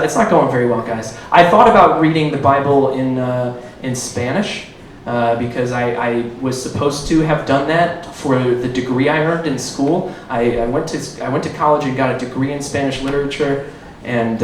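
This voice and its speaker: A man in his thirties from Illinois doing a stand-up set, rambling and self-deprecating with halting fillers, recorded in a roomy club from far off with an audience. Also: mid-range voice, a little hiss or hum. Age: 30s. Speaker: stand-up comedian. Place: small comedy club stage.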